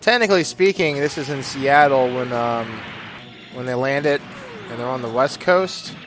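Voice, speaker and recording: A man giving rambling, jokey gameplay commentary, with sudden loud bursts of excitement. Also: mid-range voice, moderate pace. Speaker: gaming YouTuber. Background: game music.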